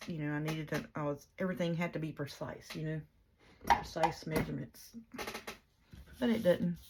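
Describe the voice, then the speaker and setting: A woman's voice: deep voice, gravelly, darkish tone, slight background noise. A woman chatting casually while she works on a junk journal, rambling with many fillers and restarts. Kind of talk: casual chat while crafting.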